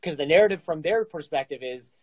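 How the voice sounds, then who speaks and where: A man's voice: fairly high pitch, a little fast, dry recording, poor audio. A man in his forties casually telling a story, acting out the dialogue with energy. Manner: animated, acts out dialogue. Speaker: guest storyteller.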